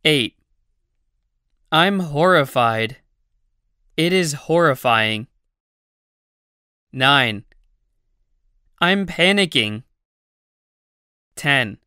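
A narrator of a language course reading numbered practice phrases in a slow, deliberate scripted drill, close to a studio mic. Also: medium pitch, lively intonation, sharp tone, clear, resonant tone, no echo.

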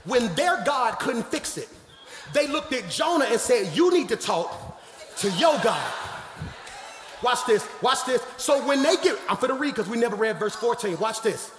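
A man preaching a live sermon as pastor in a large church sanctuary, joking with the congregation and swinging from low asides to shouted, emphatic preaching. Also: expressive, moderate pace, noisy background. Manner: playful, jokes with the congregation. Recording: echoey hall with long reverb.

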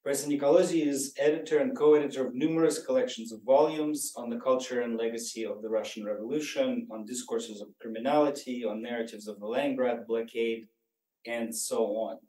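A man introducing a guest speaker in a formal, halting way, with many "uh" fillers. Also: medium pitch, mellow. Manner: many "uh" fillers, slow deliberate delivery. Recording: roomy lecture hall, distant mic.

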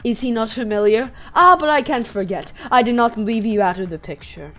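A woman voicing a sinister, calm male villain inventor, reading game dialogue aloud in a smooth, hushed, menacing tone. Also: on the high side, fairly quick. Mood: smug.

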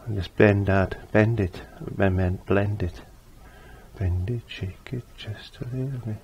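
A man's voice: fairly low pitch, a little slow, a little mellow, lo-fi sound, slight background noise. An older man giving a casual painting lesson, chatty and repeating his phrases as he works. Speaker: painting teacher.

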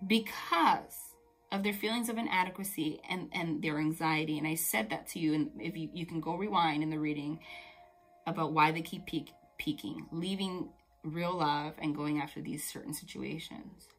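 A woman with a fairly low voice gives a casual tarot reading, chatty and emphatic. She talks straight to the listener and swears casually. Faint music plays behind her. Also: measured pace. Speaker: tarot reader.

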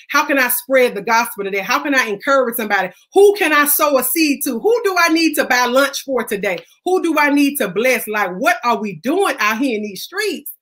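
A woman's voice: on the high side, a bit bright. A woman hosting her own online show, speaking in a blunt, impassioned, preachy way about faith and helping others. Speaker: host. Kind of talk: casual faith-based monologue.

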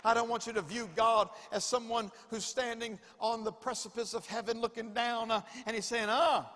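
In a church sanctuary with the long reverb of a church hall, a male pastor delivers a sermon in a very high voice. His delivery is flat and sharp at a moderate pace, repeating phrases with emphasis and calling on the congregation to answer back.

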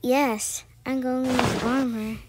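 A woman's voice: high voice, fairly even intonation, takes it slowly, background noise. A woman hosting a reaction video in playful chatter, giggly and silly. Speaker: video host reacting to a lesson. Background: music.

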